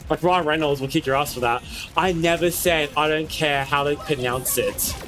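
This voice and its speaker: A young man streaming a game live with friends, excitable, shouting quick callouts, casually swearing and repeating himself when he pushes back. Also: on the high side, over music. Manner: defensive, insistent repeating. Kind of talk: live gameplay commentary with friends.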